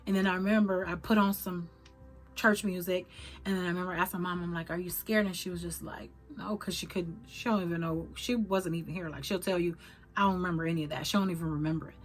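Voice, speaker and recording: A middle-aged woman with a fairly low voice tells her viewers a painful personal story. She speaks haltingly and with feeling, circling back with fillers and restarts. Faint music plays under her voice. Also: steady tone. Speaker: vlogger.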